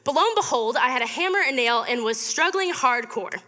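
A woman's voice: high-pitched, lively intonation, fairly quick, sharp tone. A young woman in her twenties giving a chatty, upbeat storytelling sermon to a student fellowship, with lots of fillers. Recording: reverberant hall.

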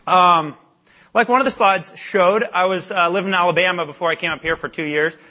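Young male speaker for a campus ministry talk; high, bright voice, self-deprecating, animated, filler-heavy storytelling. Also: a little fast. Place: church meeting hall.

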